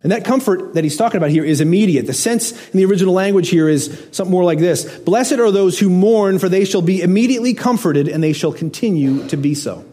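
A middle-aged pastor delivers a sermon with earnest conviction, pushing up for emphasis then sinking to hushed, low phrases. His voice sits a touch high for a man, mellow and a little husky. It rings with the long reverb of a large hall. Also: animated, quick pace, few pauses. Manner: earnest, swings between raised emphasis and hushed low lines.

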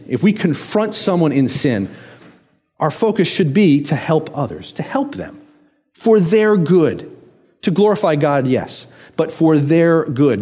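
A man preaching a sermon in a conversational way, asking rhetorical questions and dropping to a quiet, low voice on key phrases. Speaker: pastor.

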